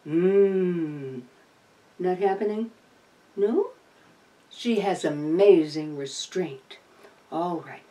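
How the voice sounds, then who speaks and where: Speaking with a fairly low, dark voice, drawing out words and pausing often, a woman who rescues opossums and vlogs chats casually to camera. Her humor is dry and playful, and at times she coos tenderly to her pet opossum. Her voice sounds somewhat distant from the mic.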